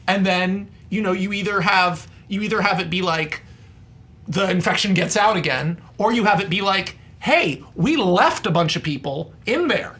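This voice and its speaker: A man on a panel debate show, eagerly rambling through ideas and arguments. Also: moderate pace. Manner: excited, rambling pitches, laughs a lot.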